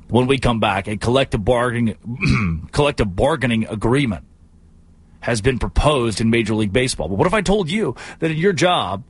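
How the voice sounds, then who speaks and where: A man hosting a sports talk show, delivering an animated, jokey monologue and slipping into silly voices. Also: mid-range voice, slightly rough. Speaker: sports radio host.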